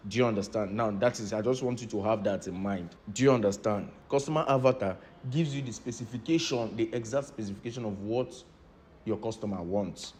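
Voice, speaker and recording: A man with a fairly low voice teaching a lecture-style class. He keeps coming back to key terms and asks his listeners whether they understand. He speaks in a patient teacher's rhythm. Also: brisk, darkish tone, slight background noise. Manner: repeats key points and checks in with "do you understand?". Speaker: instructor.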